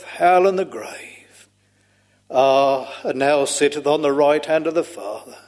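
A man whose voice is a little high preaches in a large hall, his solemn sermon couched in antiquated biblical language. Each phrase is slowly drawn out, with a sighing "ah" frequently placed between them.

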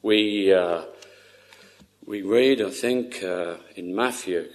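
A man preaching a sermon in an earnest, tender way, often dropping to a hush. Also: low-pitched, takes it slowly.

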